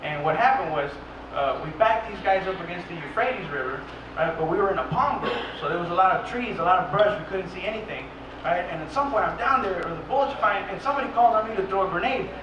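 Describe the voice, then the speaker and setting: A man performing a stand-up routine, telling a story with profanity and yelling the lines of the people he quotes. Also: sits high, expressive, fast, distant mic. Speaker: stand-up comedian. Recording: echoey live club recording from afar, dull. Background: loud audience and noise.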